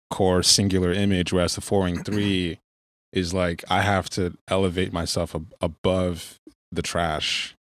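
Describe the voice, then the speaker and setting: Deep-voiced male co-host, dry sound, wry and teasing. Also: fairly bright tone, no room sound. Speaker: podcast co-host. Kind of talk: casual podcast discussion.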